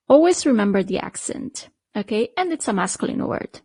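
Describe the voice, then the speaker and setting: A woman with an Italian accent teaching an online Italian lesson, patient and checking in often with quick questions to the learner. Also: fairly high pitch, big pitch swings, darkish tone, husky, no room sound. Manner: patient, checks in with frequent "okay?" and "perfect".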